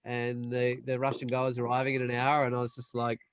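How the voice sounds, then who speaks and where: A young man telling a long, animated story in casual chat, acting out the other people's voices. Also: medium pitch, clean tone, no room sound. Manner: animated storyteller, acts out quoted voices, quick bursts. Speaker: panel guest.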